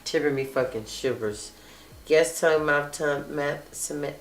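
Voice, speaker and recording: A woman's voice: deep voice, normal speed, slight background noise. A woman hosting a casual chat show, reading live comments aloud and talking bluntly with lots of swearing and laughter. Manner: blunt, profane, laughing often. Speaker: host. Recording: echoey room.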